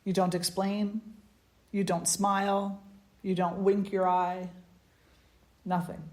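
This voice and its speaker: A woman spiritual teacher giving a satsang talk, telling stories gently in short, unhurried phrases. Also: mid-range voice, little pitch movement. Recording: echoey room.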